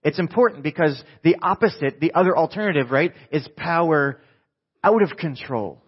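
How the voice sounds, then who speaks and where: Lively preaching man, dull lo-fi sound. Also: on the high side, slightly rough. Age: adult, married with a wife. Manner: lively, jokey, quizzes the audience with quick questions. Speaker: pastor. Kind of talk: conversational sermon to a live congregation.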